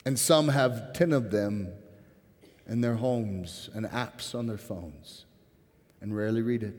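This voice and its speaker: A man preaching a sermon as pastor, earnest and impassioned, dropping to a hushed tone when he prays. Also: fairly low pitch, slow. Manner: earnest, rising to impassioned then softening to a hushed prayer. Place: church sanctuary. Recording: church hall with long reverb.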